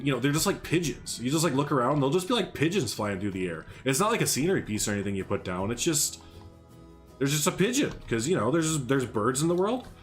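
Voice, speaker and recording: A young man chatting casually on a live stream while he builds in a game, rambling, humming and greeting viewers by name. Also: mid-range voice.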